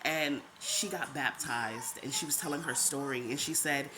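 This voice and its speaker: A woman's voice: rumbling low, moderate pace, noisy background. A woman telling her faith testimony as a casual, chatty personal story. She repeats herself often and laughs now and then. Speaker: vlogger sharing a faith testimony. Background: background music.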